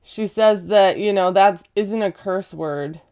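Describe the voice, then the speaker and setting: A woman recapping a reality show in casual chat, sarcastic and quick to laugh at her own jokes. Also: medium pitch, dark tone. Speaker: recap vlogger.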